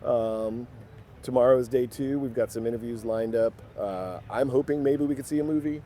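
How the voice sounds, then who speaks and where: A man co-hosting a podcast, chatting casually on a winter street and thinking out loud. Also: mid-range voice, moderate pace, a little hiss or hum. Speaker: podcast co-host. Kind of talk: casual outdoor chat. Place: outdoors on a city street in winter.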